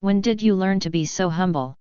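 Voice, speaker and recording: A woman's voice: lowish voice, a little fast, dark tone, clean tone, dry recording, lightly acted. A woman voicing a naive, dazed young actress in a storybook, in a slightly dull lo-fi recording. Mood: surprised. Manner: dazed, guileless.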